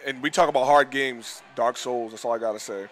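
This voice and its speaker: A man's voice: mid-range voice, fairly even intonation, fairly quick, fairly bright tone. A man from Boston co-hosting a gaming live stream, chatting casually with enthusiasm and slang.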